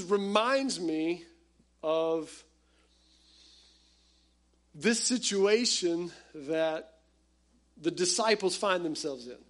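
A pastor preaching a conversational, animated sermon that speaks straight to his congregation. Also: sits high.

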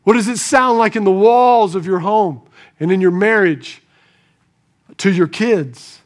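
A man giving an animated sermon, moving between soft asides and raised emphasis and asking the congregation rhetorical questions. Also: sits high, a little slow. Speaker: pastor.

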